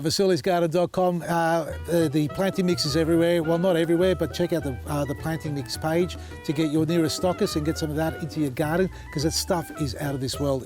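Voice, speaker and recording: A man's voice: a little high, a little mellow. A man hosting a casual vlog outdoors in his vegetable garden, chatty and exasperated, talking to viewers as folks. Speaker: gardening channel host.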